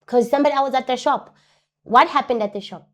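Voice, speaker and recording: As an interview guest, a woman shares personal testimony earnestly, repeating key phrases for emphasis and acting out other people's words in lively voices. Her voice sits high and she talks fast.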